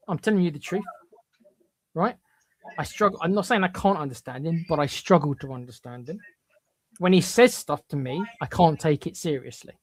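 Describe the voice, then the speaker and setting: Podcast co-host, mid-pitched, blunt and emphatic, dry close sound, restarts often. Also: dry recording. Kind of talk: opinionated podcast chat.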